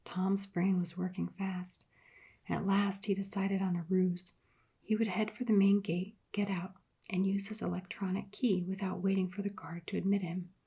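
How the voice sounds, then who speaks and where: A woman narrating an adventure book in a soft-spoken ASMR reading, hushed and partly whispered. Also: mid-range voice, level tone, normal speed, vocal fry, breathy edge.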